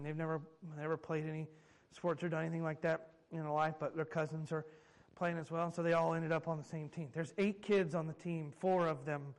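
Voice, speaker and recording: A man in his thirties preaches with a high, bright voice. He tells everyday stories in an animated way, laughing at himself as he goes. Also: poor audio. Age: 30s. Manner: animated storytelling with self-mocking humor and chuckles. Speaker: pastor. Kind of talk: sermon.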